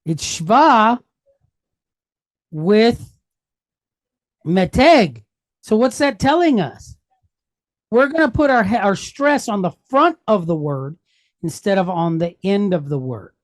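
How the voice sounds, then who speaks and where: A woman teaches a Hebrew lesson in a classroom style, moving patiently step by step and posing questions she then answers herself. Her medium-pitched voice is expressive and slow, with frequent pauses and no echo.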